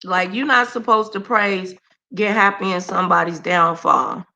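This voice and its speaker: A woman's voice: on the low side, steady tone, normal speed, gravelly, pushed and bright. A woman hosting a casual live stream, chatty and slangy, greeting viewers by name. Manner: scolds her dogs mid-stream.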